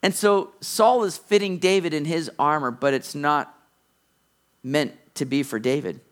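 A middle-aged male pastor preaching a sermon, animated, acting out the lines of the characters in the story he tells. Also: on the high side, measured pace.

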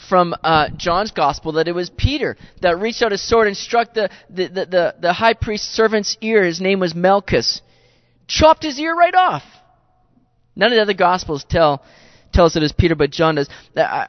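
A man's voice: fairly high pitch, dry recording. A man preaching a conversational sermon, earnest and chatty, often repeating words as he goes. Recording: dull lo-fi recording, dry.

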